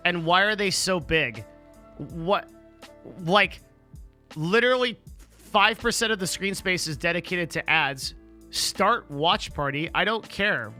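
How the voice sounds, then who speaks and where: A man with a very bright, sharp-edged voice sitting a little high in pitch. He rambles bluntly through chat questions on a live stream, swearing freely and stumbling over restarts, with faint music behind him. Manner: blunt, profane, rambling with many fillers. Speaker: livestreamer answering chat.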